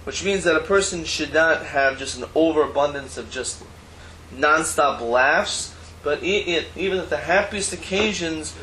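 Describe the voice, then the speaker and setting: A man's voice: on the high side, normal speed, bright, forceful tone. A man teaching a Talmud class, explaining the text line by line with Hebrew terms and casual asides. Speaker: Torah teacher. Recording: roomy echo, faint background noise.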